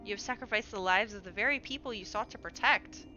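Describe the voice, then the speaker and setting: A woman voicing an earnest young male diplomat in a video game, calm and measured. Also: medium pitch, dull audio, soft background music, close to an everyday voice.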